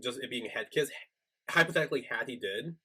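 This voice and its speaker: A man's voice: mid-range voice, animated, fast talker, bright, forceful tone, husky. A man co-hosting a podcast, chatting casually as he retells a show's episode and acts out the characters' lines. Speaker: podcast co-host. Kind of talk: casual recap chat.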